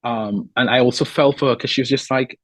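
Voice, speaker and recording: A man's voice: medium pitch, fairly quick, no room sound. A man, a podcast guest telling workplace stories in a casual interview chat and acting out the people in them. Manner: animated storyteller acting out quoted people.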